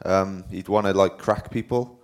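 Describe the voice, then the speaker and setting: A deep, steady, slightly mellow voice at normal speed comes from a young Welsh professional cyclist. He's an interview guest at a live talk, casually telling rambling stories that poke fun at himself.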